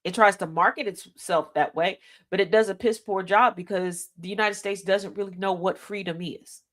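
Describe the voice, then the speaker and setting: A woman's voice: mid-range voice, fairly even intonation, moderate pace. A woman hosting a radio talk show, giving an opinionated commentary monologue. She speaks directly to her listeners, repeats key lines for emphasis and throws in folksy, slangy asides. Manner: emphatic, addresses listeners directly with rhetorical questions.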